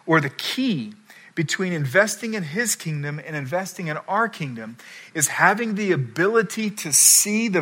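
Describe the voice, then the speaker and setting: A middle-aged man preaching a sermon as pastor, telling the story in a lively way and acting out the people he quotes. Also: a little high. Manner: animated storytelling, acts out quoted voices.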